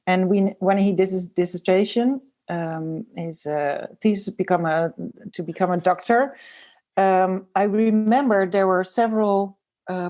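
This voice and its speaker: A woman's voice: medium pitch, dark tone. Hesitant Dutch-raised woman guest. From Netherlands. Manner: thoughtful, hesitant, many ums and pauses. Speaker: interview guest, designer. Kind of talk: casual conversational interview.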